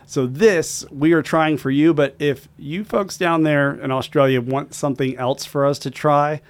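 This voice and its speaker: A man's voice: a little high, fairly even intonation, moderate pace. Rambling, chuckling male podcast host. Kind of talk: casual beer podcast chat.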